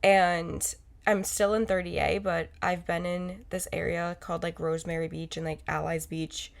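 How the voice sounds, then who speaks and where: A woman's voice: fairly low pitch, flat delivery, moderate pace, gravelly. A young woman co-hosting a podcast in casual chat, rambling and correcting herself as she goes. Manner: rambling, self-correcting, lots of fillers. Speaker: podcast co-host.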